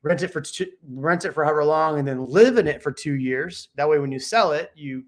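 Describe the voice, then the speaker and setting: A man's voice: fairly high pitch, fairly quick. Easygoing joking male real estate host. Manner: laid-back, joking, thinks aloud with frequent restarts. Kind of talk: casual chat giving real estate advice.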